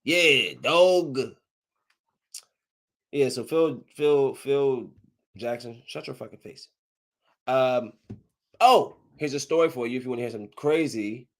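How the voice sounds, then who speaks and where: A man's voice: medium pitch, moderate pace. A man hosting a casual solo podcast, talking animatedly, trash-talking with plenty of profanity, and reading news stories aloud with his own comments. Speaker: podcast host.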